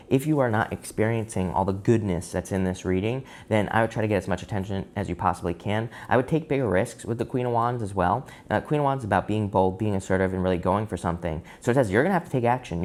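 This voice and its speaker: A man giving a casual tarot reading to camera, talking in a loose, chatty way full of fillers, his voice jumping up in pitch now and then. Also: darkish tone. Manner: chatty and loose, many fillers and sudden upward pitch jumps. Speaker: tarot reader.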